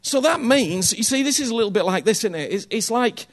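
A man's voice: high voice, lively intonation, a little fast. A man preaching a sermon in a conversational, earnest way, often checking in with his listeners and repeating phrases for emphasis.

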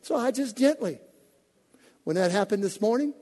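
A male pastor preaching a sermon, telling stories with animated delivery and acting out voices. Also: high voice, moderate pace, slightly rough, big-room sound. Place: church sanctuary.

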